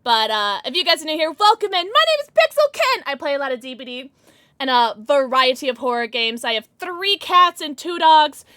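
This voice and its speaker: A woman streamer chatting casually with her live audience, bubbly and giggly, rattling off quick greetings. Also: high-pitched, lively intonation, sharp tone. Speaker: Twitch streamer.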